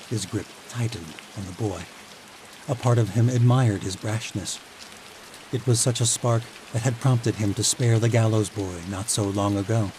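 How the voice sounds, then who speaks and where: A man with a fairly low voice reads a fantasy audiobook calmly and evenly. Steady rain is clearly audible behind his narration. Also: noisy background.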